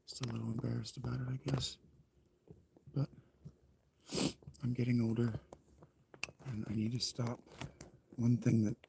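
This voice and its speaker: A man in his thirties, an author reading his own novel, talks in a casual, rambling, reflective way and often corrects himself. His voice is lowish, gravelly and mellow. There's a slight hiss or hum on the recording.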